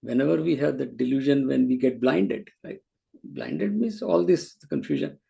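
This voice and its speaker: Gravelly, husky male scripture teacher. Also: mid-range voice, very animated, normal speed, warm tone. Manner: explanatory, with frequent restarts. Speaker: spiritual teacher. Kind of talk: scripture class lecture.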